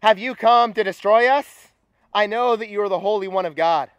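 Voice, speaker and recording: High-voiced young man preaching. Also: moderate pace, no room sound. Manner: energetic, rallying the crowd. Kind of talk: sermon. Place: campus retreat gathering.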